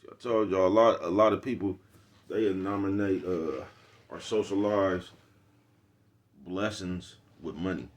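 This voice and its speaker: Here the man's deep voice holds a fairly even intonation, unhurried and broken by frequent pauses. He's a vlogger with an African American Vernacular English accent giving his viewers a casual, slangy, preachy street monologue.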